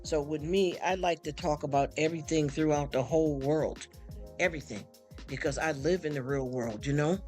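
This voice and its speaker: Man, fairly high voice, rambling live-stream chat, stammers and repeats, faint music behind. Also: normal speed, a little mellow. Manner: rambling and heartfelt, often stammers and repeats words; talks straight to chatters, calls them honey and y'all. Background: faint background music.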